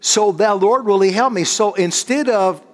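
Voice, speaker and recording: A man preaching, animated, stopping to search for words and drawing answers from the congregation. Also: high-pitched, moderate pace. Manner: animated, call-and-response with congregation; rambling, restarts and searches for words. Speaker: guest preacher. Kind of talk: sermon.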